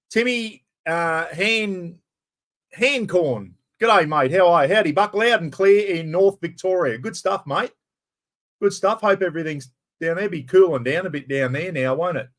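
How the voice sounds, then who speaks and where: A man's voice: sits high, a bit bright. A middle-aged man from far north Queensland with an Australian accent, rambling and greeting viewers by name as the host of a casual live stream.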